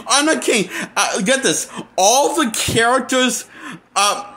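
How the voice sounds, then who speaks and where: A man's voice: very high voice, lively intonation, slow pace, sharp tone. A man reviewing a movie in a casual, rambling rant, full of restarts and blunt, exasperated complaints. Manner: rambling, with frequent restarts and fillers. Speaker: movie critic.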